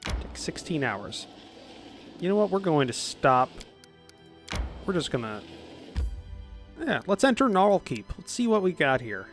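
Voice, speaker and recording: A man hosting a let's play, giving relaxed, casual commentary as he plays. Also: fairly high pitch, measured pace, long pauses, soft background music. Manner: relaxed, reads dialogue aloud with filler words.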